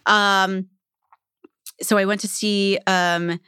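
A woman's voice: medium pitch, level tone, slow, pushed and bright, clean tone, dry recording, studio quality. A woman in her forties, a guest telling stories in casual conversation, chatty with many fillers, acting out the voices she quotes. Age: 40s.

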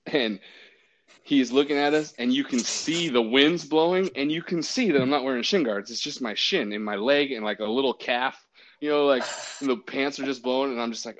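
A man's voice: mid-range voice, moderate pace. A man who works as a baseball umpire, casually telling a story with lots of restarts and acted-out quotes. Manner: animated, acts out quotes, many restarts. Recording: dull lo-fi audio.

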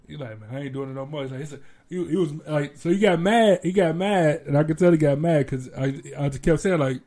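A man from Ohio telling stories in a casual chat, animated and laughing often as he acts out what people said. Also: a little high, quick pace, hardly any pauses.

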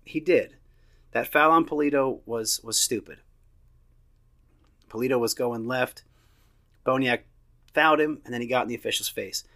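Casual podcast host, man in his thirties, mid-pitched, blunt and opinionated with casual swearing. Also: normal speed, pauses often, pushed and bright. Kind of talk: casual solo match review.

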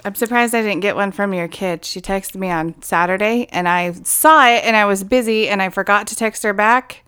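A woman's voice: medium pitch, normal speed, fairly bright tone, clean tone. A woman co-hosting a podcast in casual chat, easygoing and swearing casually. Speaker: podcast co-host and editor.

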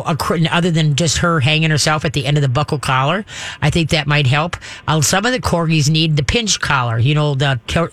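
A man with a fairly high voice hosts a call-in advice show as a dog trainer. He talks in a folksy, chatty way and often restarts his sentences. When he shows a command, he drops into a low, firm growl. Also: fairly bright tone.

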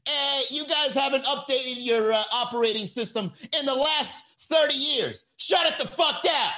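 A man putting on a loud, bossy tough-guy boss who yells orders. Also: very high-pitched, moderate pace, voice pushed up. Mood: yelling. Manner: shouting, bossy. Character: gruff male bar-rescue boss yelling orders.

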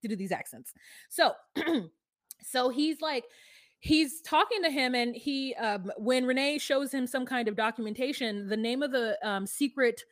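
A woman co-hosting a podcast, casually retelling a story with animated, jokey quotes of the people in it. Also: high voice, a little slow, dry recording, clean studio sound. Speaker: podcast co-host.

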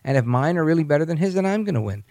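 A man hosting an opinionated talk radio show, animated and mocking, often restarting his sentences. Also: on the high side, rapid-fire, no room sound.

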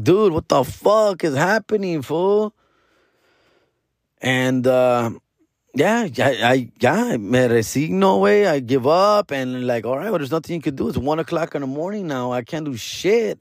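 Brief: male host, higher pitch, dry close sound, excited profane storyteller. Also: no echo. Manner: profane, slangy, code-switching into Spanish; rambling, excited retelling. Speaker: podcast host. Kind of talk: casual storytelling.

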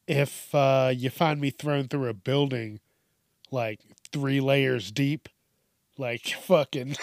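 A man's voice: mid-range voice, no echo, studio quality. A man hosting a podcast alone, rambling through a casual, profane, self-mocking monologue. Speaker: podcast host.

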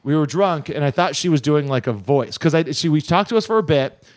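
A man hosting a radio show, chatting casually in a rambling, halting way full of fillers. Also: a little high, lively intonation. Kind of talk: casual chat.

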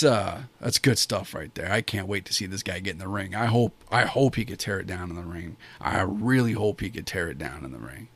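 A man's voice: deep voice, fairly quick, creaky, hardly any pauses, a bit bright, husky, dry recording. A man giving a casual spoken review of a wrestling show, rambling and enthusiastic, with many fillers and restarts.

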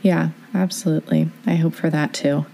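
Woman, young adult podcast host, lowish voice, girl-talk chatter, fillers. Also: steady tone, moderate pace, gravelly, dark tone, a little hiss or hum. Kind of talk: casual interview chat.

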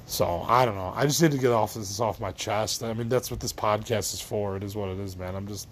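A man's voice: fairly low pitch, a little fast, a little hiss or hum. A middle-aged man hosting a solo podcast, venting in a tired, rambling way, trailing off and restarting, swearing casually. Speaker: podcast host.

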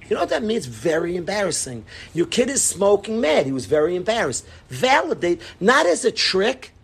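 A man teaching a religious parenting class, animated and repetitive, acting out little scenes. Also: high voice, moderate pace, slight background noise. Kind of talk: parenting lesson.

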